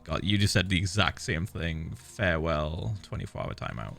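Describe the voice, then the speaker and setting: A man's voice: low-pitched, very animated, normal speed, vocal fry, hardly any pauses. A British man streaming a game, humming little tunes while he plays and swearing freely as he chats. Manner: hums and scats while playing, swears freely. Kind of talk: casual gaming stream chat. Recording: background music under voice. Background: game music.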